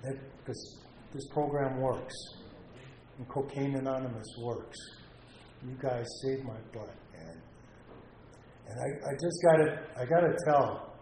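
A man's voice: mid-range voice, unhurried, long pauses, darkish tone, a little hiss or hum. A middle-aged man giving a heartfelt, rambling personal share at a recovery meeting, often repeating himself. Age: middle-aged or older. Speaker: speaker sharing at a recovery meeting. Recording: echoey meeting room with faint ambience.

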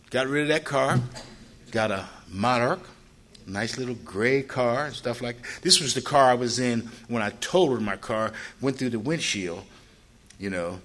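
An older man from Ohio telling his own story in a loose, rambling way, jumping his voice up high when he acts out what people said. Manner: animated, acts out quoted people with a raised voice; loose, rambling with frequent "you know" asides. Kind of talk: personal storytelling.

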